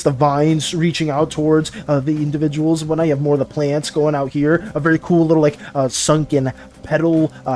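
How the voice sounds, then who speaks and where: A young man in his twenties chatting casually on his art stream, excitable and ranting, tripping over restarts and breaking into laughs. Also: high-pitched. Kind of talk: casual live-stream chat.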